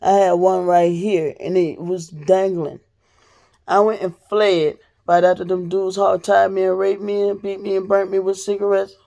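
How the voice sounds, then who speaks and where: A woman vlogger telling a personal story straight to the camera, blunt and profane, her voice dropping low and then rising loud. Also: level tone, normal speed, creaky.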